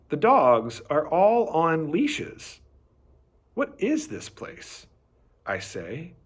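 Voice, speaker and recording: A man reading a children's chapter book aloud with animated, expressive storytelling. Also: mid-range voice. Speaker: reader.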